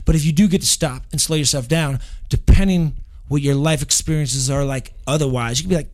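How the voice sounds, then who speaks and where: Easygoing host, somewhat higher male voice, swears constantly and says "dude" a lot. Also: brisk, darkish tone. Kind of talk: casual chat.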